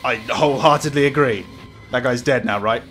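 A man's voice: mid-range voice, fairly quick, fairly bright tone, soft background music. A man commentating a horror game as he plays, jumpy, swearing, laughing nervously. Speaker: gamer playing a horror game. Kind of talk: let's play commentary.

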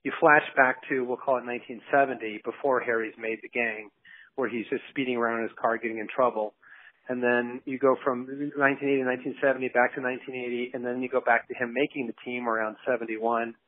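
A man's voice: mid-range voice, little pitch movement, quick pace, no echo. Male director, guest interview, anecdotal and rambling with frequent laughs, dry phone-line sound. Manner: rambling, laughs often, acts out quotes. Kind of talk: casual interview chat. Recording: dry, tinny phone-like audio.

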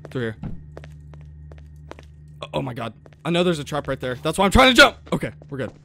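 A young man streams a horror game as a let's play, talking to his chat with panicky yelps, exclamations and frequent laughter. His voice is a little high and gravelly, with a sharp tone, big pitch swings and a brisk pace.

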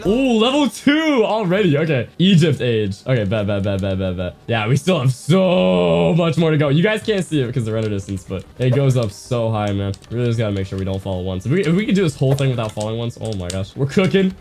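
A young man giving excited gameplay commentary, swinging from muttering to yelling. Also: medium pitch, fast talker, few pauses, faint music behind. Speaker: gaming streamer.

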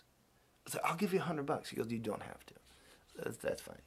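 A man spins a casual, rambling yarn, stumbling through restarts and acting out what people said. His voice is gravelly and a little husky. His pitch swings widely as he talks. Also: brisk, pauses often. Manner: rambling and animated, with many restarts and quoted voices. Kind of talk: casual storytelling.

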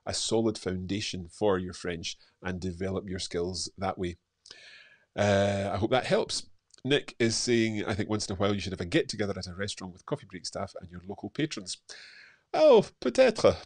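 Deep-voiced man hosting a chatty live stream. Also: dry recording, studio quality. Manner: relaxed, chatty, with frequent fillers. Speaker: host. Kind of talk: live-stream chat, reading viewer comments.

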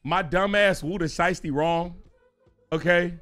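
A young man streaming, telling a story in an animated, profane, excitable way. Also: high voice, unhurried, soft background music. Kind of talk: casual livestream story time.

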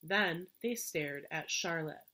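A woman teacher reading a children's storybook aloud to fourth graders in a gentle, expressive way. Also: deep voice, slow.

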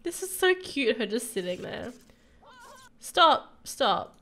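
A woman's voice: on the high side, big pitch swings, moderate pace. A young woman doing casual, laughing gameplay commentary with dramatic exasperated outbursts. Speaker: gaming youtuber.

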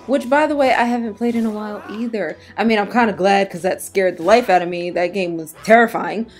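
A tired woman with a hoarse voice, chatting casually and exclaiming to herself as she plays a video game. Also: mid-range voice, a little fast, darkish tone, faint music behind. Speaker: gaming YouTuber. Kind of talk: casual gameplay commentary.

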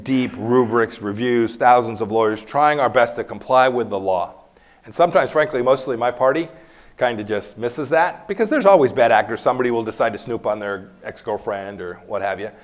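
Candid man telling stories at a lecture. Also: medium pitch. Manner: candid, anecdotal, laughs while telling stories. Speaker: former secretary of state, guest speaker. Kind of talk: campus lecture Q&A, storytelling. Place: university lecture hall.

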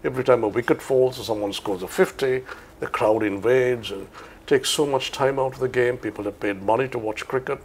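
An older man from Sri Lanka, a veteran cricket commentator reminiscing in an interview in an unhurried, anecdotal way. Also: mid-range voice, a little hiss or hum.

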